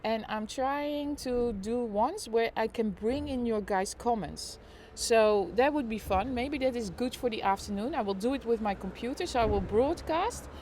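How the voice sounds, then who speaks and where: A woman's voice: fairly high pitch, moderate pace, darkish tone, slight background noise. A middle-aged woman chatting playfully on a live stream from home, recorded on her phone, with giggles and mock sports commentary. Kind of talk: casual live-stream chat. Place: at home in an apartment during lockdown. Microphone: phone held while filming.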